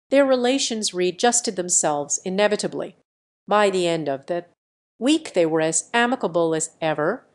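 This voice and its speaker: A woman reading a classic novel aloud as an audiobook narrator, even and measured. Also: lowish voice. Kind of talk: scripted narration.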